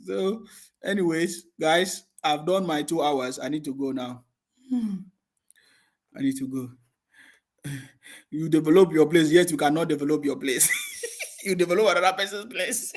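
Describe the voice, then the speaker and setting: A man's voice: a little high, wildly swooping pitch, normal speed, long pauses. A man hosting a heated live stream, mocking his critics, laughing often and reading out viewer comments with scorn.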